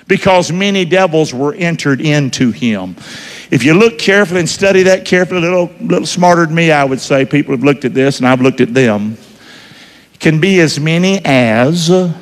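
A man preaching a sermon in a church, folksy, quizzing the congregation and swinging between loud and hushed. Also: fairly high pitch. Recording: reverberant church hall.

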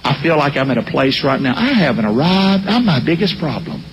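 Brief: lively high-voiced preacher, call-and-response sermon, long hall reverb. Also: male voice, a little fast, a little hiss or hum. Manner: animated, calls for responses from the congregation. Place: church sanctuary.

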